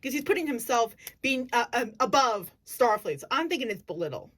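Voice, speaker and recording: A woman's voice: a little high, sing-song, fairly quick, fairly bright tone. Earnest woman talking through an acting tip. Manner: earnest, thinking aloud, many restarts. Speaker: acting vlogger. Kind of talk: casual acting lesson.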